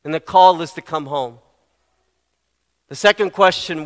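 A man's voice: fairly high pitch, measured pace, big-room sound. A middle-aged man preaching a sermon, earnest and fond of repeating his questions for emphasis. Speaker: pastor.

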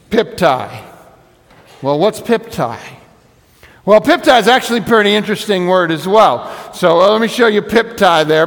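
A man's voice: high voice, fairly bright tone, long reverb tail. A man preaching a conversational teaching sermon, explaining things step by step and stressing points by repeating words. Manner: explanatory, conversational, emphatic repetition. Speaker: pastor.

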